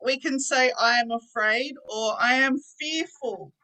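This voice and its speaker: Slow, bright-voiced woman teacher. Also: fairly high pitch, poor audio. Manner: patient, explains slowly with simple examples. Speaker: English teacher. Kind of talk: online English class for adult learners.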